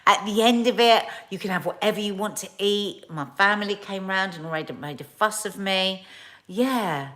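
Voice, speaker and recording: A woman's voice: medium pitch, normal speed, fairly bright tone. A woman in her forties chatting casually on a livestream, rambling and reading viewers' comments as host. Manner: chatty, rambling, with fillers and laughs.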